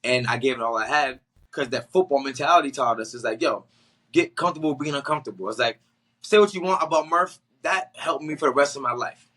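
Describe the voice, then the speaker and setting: Bright-voiced young man telling a lively story. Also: mid-range voice, fairly quick. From Boston area. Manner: animated storyteller acting out quotes with slang and laughs. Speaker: guest, actor. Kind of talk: casual storytelling in a podcast interview.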